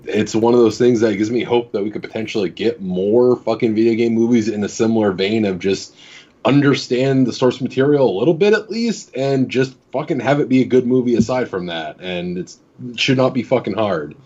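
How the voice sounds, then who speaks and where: A man co-hosting a casual gaming podcast, giving a relaxed, opinionated review with some swearing. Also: mid-range voice, brisk, dull audio. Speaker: podcast co-host.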